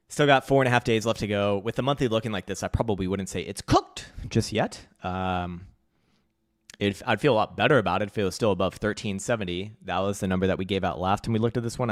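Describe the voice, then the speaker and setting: A man's voice: lowish voice, no room sound, studio quality. A man hosting a crypto trading livestream. He answers viewer questions bluntly, swears freely, mocks people, and laughs often. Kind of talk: live-stream commentary reading viewer questions.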